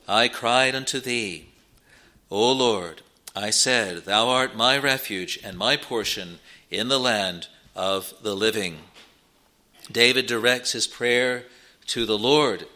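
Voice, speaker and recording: A man preaching a sermon, earnest, rising in pitch and force when he quotes scripture. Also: pushed and bright.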